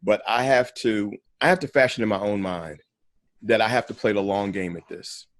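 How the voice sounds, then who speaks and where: A man who is a pastor, speaking in a measured, emphatic way in an earnest conversation and often repeating words. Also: lowish voice, no room sound, studio quality.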